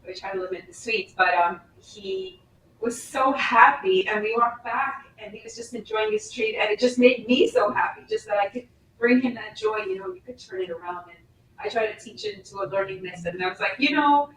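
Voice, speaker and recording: A woman's voice: mid-range voice, animated, brisk, a bit bright. A middle-aged woman from Colombia, a company founder, telling earnest stories about her son in a casual interview. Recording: roomy, distant mic with faint background noise.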